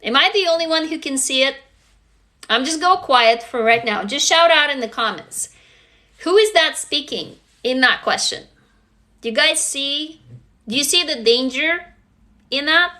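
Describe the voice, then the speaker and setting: A woman's voice: high-pitched, expressive, unhurried, sharp tone. A woman hosting a live stream, coaching her viewers in a casual self-help talk. She keeps asking them questions and swears now and then.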